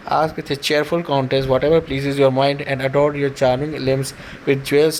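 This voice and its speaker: A doting aged king pleads with his beloved queen in a level, unvaried voice, as a man reads him aloud. The tone is gravelly and rough at the edges. A faint hiss of noise sits behind it. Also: medium pitch, lightly acted, poor audio.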